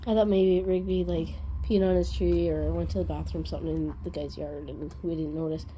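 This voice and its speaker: A woman's voice: low-pitched, fairly even intonation, fairly quick, warm tone, a little hiss or hum. A woman hosting a crafting vlog, chatting casually and rambling through everyday stories. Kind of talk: casual chat.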